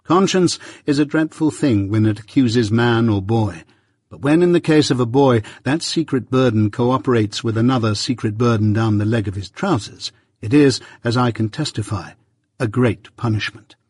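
A man giving a measured scripted narration of a classic novel as an audiobook reader. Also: mid-range voice, darkish tone, slightly rough, dry recording, studio quality.

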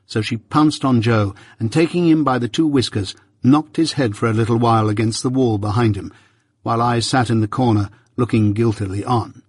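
Audiobook narrator, male, husky, measured storytelling. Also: medium pitch, no echo, clean studio sound. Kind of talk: scripted narration of a classic novel.

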